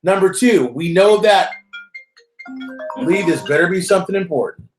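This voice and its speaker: A man hosting a live call-in stream talks in a loose, rambling, joking way. His voice sits a little high for a man and rings in a roomy space. His casual chat jumps between reading news items and bantering with callers. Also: expressive, normal speed, faint music behind. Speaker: host of a live call-in currency show. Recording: roomy echo.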